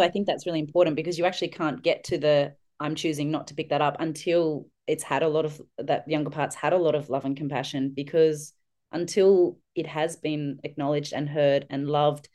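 A woman's voice: low voice, mellow. A woman hosting a casual podcast conversation, reflective and encouraging.

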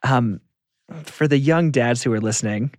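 A man's voice: medium pitch, normal speed, dry recording, studio quality. Earnest man hosting a podcast. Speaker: podcast host. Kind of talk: podcast interview.

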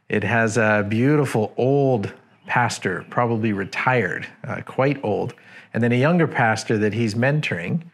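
Male preacher, sermon, conversational storyteller, mid pitch, repeats words.

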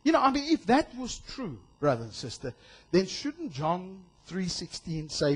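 A male pastor preaching a sermon in an animated way, acting out voices and shouting for emphasis. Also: sits high, measured pace, breathy edge.

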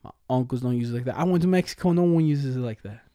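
A man's voice: mid-range voice, very fast, warm tone, clean tone, no room sound, studio quality. A man co-hosting a casual podcast, telling slangy stories full of laughs and acted-out quotes. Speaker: podcast co-host.

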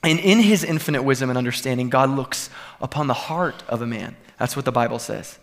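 A man's voice: mid-range voice, fairly quick. A man preaching a sermon to a congregation, earnest and building to emphatic peaks. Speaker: pastor. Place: church sanctuary.

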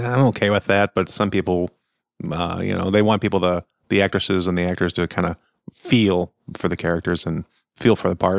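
A man talking through a casual film review in a lowish voice, chatty and full of opinions. He sounds keen and conversational, and the recording is close and dry with no room sound. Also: no room sound. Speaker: podcast host.

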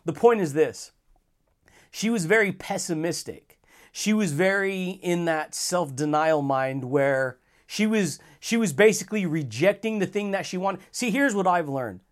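A man with a high-pitched voice hosts a motivational podcast alone. He talks casually and enthusiastically in slang, calls his listeners buddy, and chuckles often between points. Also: animated, a little slow. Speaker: podcast host.

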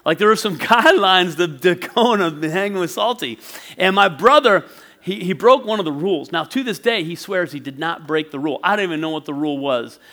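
A man in his forties preaching a sermon as pastor, telling a childhood story in a lively way and laughing often. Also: high voice. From northwestern Pennsylvania.

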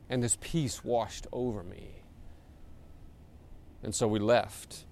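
A man's voice: mid-range voice, animated, unhurried, gravelly, long pauses, mellow. A man, a pastor, preaching a sermon in a conversational, informal way, with many fillers and repeated words.

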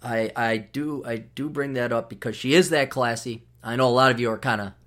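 A man's voice: medium pitch, steady tone, a little fast, fairly bright tone. A middle-aged man hosting a podcast, talking in a rambling, sardonic solo monologue with frequent restarts. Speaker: podcast host.

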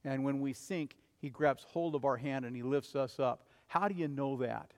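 A man preaching a sermon in an earnest way, rising to urgent appeals and falling to soft, low passages. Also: normal speed, big-room sound. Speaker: pastor.

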